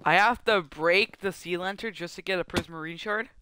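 A man's voice: high voice, moderate pace, pushed and bright, slight background noise. A man streaming a survival game, chatting and joking goofily with friends and chat. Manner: goofy, joking, bantering with chat. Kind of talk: casual gaming chat.

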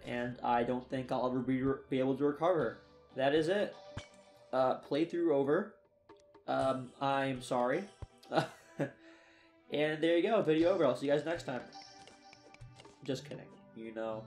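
A tired young man, a let's play gamer, chats to himself while playing, poking fun at his own gameplay and yawning. His mid-range voice moves at a moderate pace with long pauses and a slightly mellow tone, with faint music in the background.

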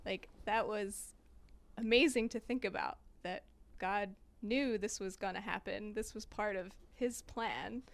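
A woman's voice: medium pitch, a little slow. A woman in a church retreat discussion, sharing a reflection on scripture in an earnest, thoughtful way. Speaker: retreat participant. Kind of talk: casual faith discussion.

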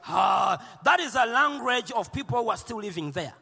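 A man from Uganda preaching a sermon in a church, shouting and playful, with call and response. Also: very high voice, lively intonation, moderate pace, creaky, few pauses, breathy edge. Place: large church hall. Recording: long hall reverb.

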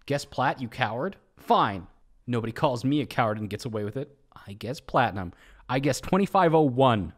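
A man's voice: medium pitch, normal speed. A man giving casual, joking commentary on gameplay clips as a streamer guessing ranks. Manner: joking, animated, sarcastic.

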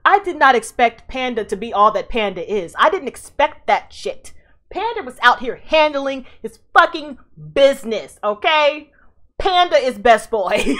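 Young woman hyped up reacting to anime, swears a lot, lively up and down voice, bright. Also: high voice, unhurried. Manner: animated, excitable and profane, with frequent exclamations. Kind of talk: casual reaction commentary.

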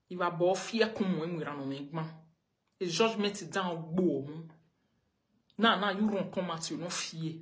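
A woman with a Nigerian accent, ranting on a live video and scolding someone with the same pointed questions again and again. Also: lowish voice. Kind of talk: confrontational live rant.

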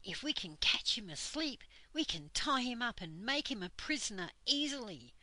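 An older woman voicing Goldilocks, a bold cheerful little girl, eager and lively. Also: on the high side, moderate pace, no room sound, low-quality recording.

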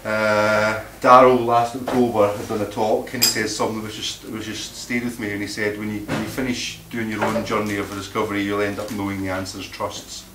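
A man's voice: fairly low pitch, level tone, a little fast, few pauses. A man giving a blunt, combative informal talk to a live audience at a meeting, often repeating words as he searches for them. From Scotland. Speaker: meeting speaker. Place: meeting room. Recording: echoey room from far off, faint noise.

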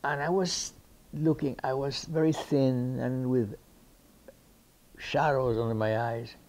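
A Cuban man whose first language is Spanish, speaking English with a Cuban Spanish accent. He is an actor in an interview, telling his anecdotes lively and acting out the people he quotes. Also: medium pitch, takes it slowly. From Cuba. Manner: lively raconteur who acts out the people he quotes.

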